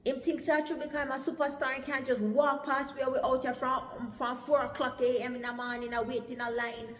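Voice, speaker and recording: A woman voicing an indignant person stuck in a long queue, complaining loudly in Jamaican Patois. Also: sits high, level tone, fairly quick, pitched above the performer's own voice, lightly acted. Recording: echoey room with long reverb.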